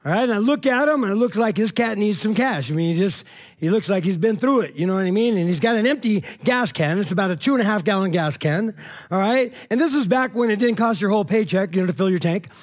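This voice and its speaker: A man preaching a sermon as a conversational story, acting out dialogue and checking in with the congregation. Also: fast talker. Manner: animated, acts out dialogue with swings in pitch and loudness; conversational, frequent "all right?" and "you know what I mean?". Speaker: pastor.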